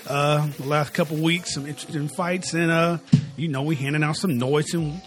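A man's voice: on the high side, steady tone, moderate pace, soft background music. A man co-hosting a casual sports talk podcast, with a slight lisp and a laid-back, slangy way of talking. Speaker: podcast co-host.

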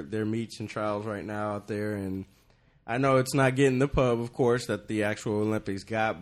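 A man's voice: medium pitch, fairly bright tone. Easygoing male co-host, casual swearing. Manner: casual, hesitant with fillers, swears freely. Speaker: podcast co-host. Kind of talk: casual chat.

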